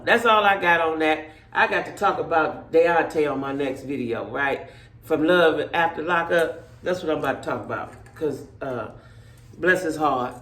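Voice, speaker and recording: A middle-aged woman, telling stories to her viewers in a blunt, profane, animated way. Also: low voice, roomy sound. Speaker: vlogger. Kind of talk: casual storytelling rant to viewers.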